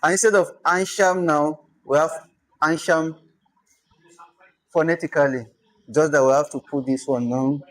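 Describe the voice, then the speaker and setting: Nigerian-accented language instructor, informal lesson, drills pronunciation by repeating words slowly. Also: medium pitch, fairly even intonation, poor audio. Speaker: language teacher.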